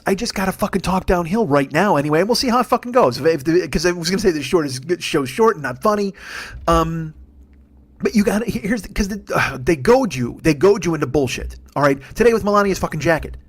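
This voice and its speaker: A man's voice: high voice, expressive, racing. A man, hosting a solo comedy podcast and ranting profanely and with exasperation, slipping into mocking impressions. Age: 40s. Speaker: podcast host.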